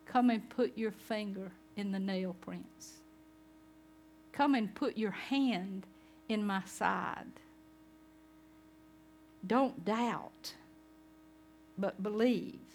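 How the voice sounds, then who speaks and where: A woman preacher voicing Jesus as a gentle man, speaking softly and low. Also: drawn-out words, pauses often, faint music behind.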